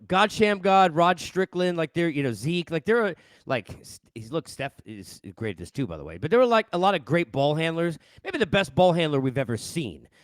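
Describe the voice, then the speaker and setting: New guy ranting about hoops on a headset, high voice, really dry sound. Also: no room sound. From New York. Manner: animated, ranting, blunt. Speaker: podcast host. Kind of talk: solo sports rant.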